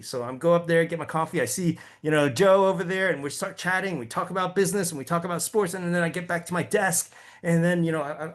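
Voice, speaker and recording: A slightly high, somewhat fast male voice carries a conversational training talk for real estate agents. He chats freely, checks in often with "right?", and tends to stumble and repeat words.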